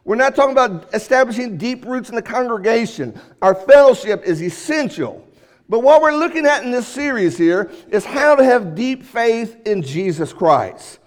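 A high-pitched pastor preaches a Sunday sermon to his congregation, animated and at normal speed. He's emphatic, hitting key words hard before letting his voice drop almost to a hush, swinging between loud and quiet.

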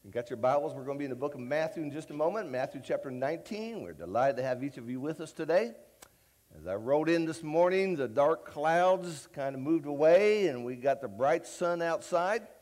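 High-voiced folksy male preacher. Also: fairly quick. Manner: folksy, conversational storytelling; animated, rises loud and high when retelling a story. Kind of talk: sermon.

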